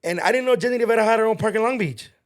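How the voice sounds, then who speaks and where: A man co-hosting a podcast in casual chat, joking and slangy, telling stories with excitement. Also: sits high, very fast. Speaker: podcast co-host.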